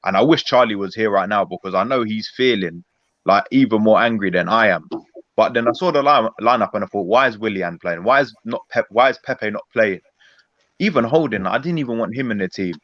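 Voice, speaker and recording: On a football chat stream, an Arsenal fan panelist gives an angry post-match reaction, fuming and rambling with heavy emphasis. His voice sits on the low side and runs a little fast. There's no echo, but the call audio is dull and lo-fi.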